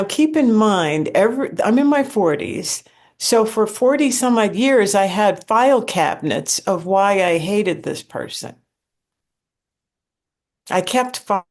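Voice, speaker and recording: A woman shares a personal testimony at an unhurried pace. She has a mid-range voice, and she tells the story by repeating key words for weight. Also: medium pitch. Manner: slow, storytelling delivery with emphatic repetition. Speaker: speaker sharing a spiritual experience.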